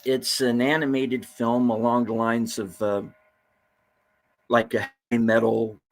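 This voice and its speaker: A man co-hosting a casual live-stream chat, talking in a relaxed, easygoing way. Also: mid-range voice, a little slow, rough recording. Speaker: co-host.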